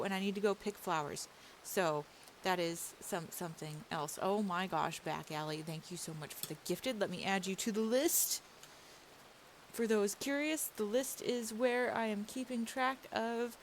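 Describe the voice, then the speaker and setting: A woman streamer chatting casually with her audience, upbeat and rambling. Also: medium pitch. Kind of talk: casual live stream chat. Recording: faint hiss.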